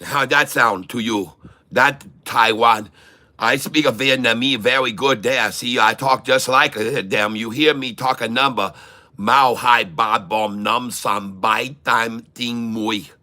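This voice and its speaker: A man doing a mocking put-on voice in clipped, broken English, drawn out slowly. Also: medium pitch, steady tone, pushed and bright. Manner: clipped broken grammar, slow drawn-out taunts.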